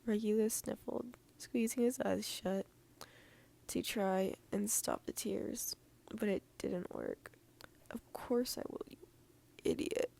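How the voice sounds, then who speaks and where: A woman reading fan fiction aloud as a podcast host, soft-spoken and often sliding into a near-whisper, with gushy, affectionate asides to her listeners. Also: on the high side, vocal fry.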